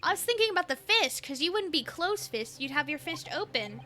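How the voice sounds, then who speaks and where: A woman's voice: extremely high pitch, very animated, brisk, pushed and bright, a little hiss or hum. A young woman streaming a detective game, chatting playfully with friends and giggling a lot. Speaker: let's play streamer. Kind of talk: casual let's play chat, reading game lines aloud.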